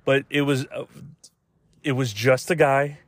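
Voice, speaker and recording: A man's voice: mid-range voice, steady tone, measured pace, dry recording. A young man hosting a podcast, rambling casually with lots of swearing and laughter. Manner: loose, profane, rambling with laughs. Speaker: podcast host. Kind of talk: casual rant.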